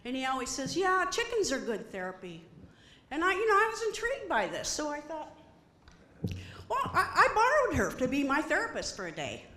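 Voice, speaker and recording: A middle-aged woman performing a stand-up comedy set, animated and acting out quoted voices. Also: high voice, brisk, reverberant. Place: comedy stage before an audience.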